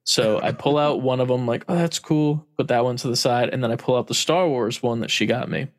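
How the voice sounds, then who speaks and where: A man's voice: medium pitch, brisk. Laughing man telling a casual story. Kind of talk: casual chat.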